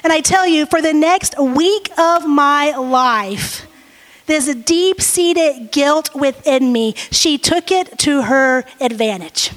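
High-voiced woman pastor preaching. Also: slow. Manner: earnest, lively storyteller. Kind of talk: sermon with prayer and storytelling. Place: church sanctuary. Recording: reverberant church hall.

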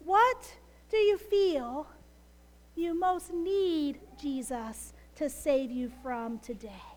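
Woman pastor, very high voice, measured unhurried sermon delivery, acts out prayers, sinks to whispers; church hall reverb. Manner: animated, acting out quoted prayers, dropping to hushed whispers. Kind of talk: Palm Sunday sermon.

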